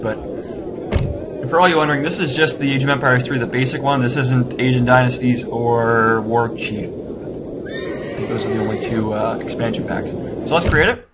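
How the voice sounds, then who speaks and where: A man casually walking viewers through a strategy game, rambling and second-guessing his choices, with a self-deprecating manner. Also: mid-range voice. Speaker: gaming tutorial host. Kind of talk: casual gameplay walkthrough.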